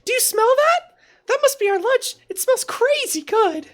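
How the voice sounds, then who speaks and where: A woman's voice: very high-pitched, big pitch swings, normal speed, faint music behind, pitched above the performer's own voice. A woman voicing a bubbly young female student who gushes in a sing-song way. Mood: excited.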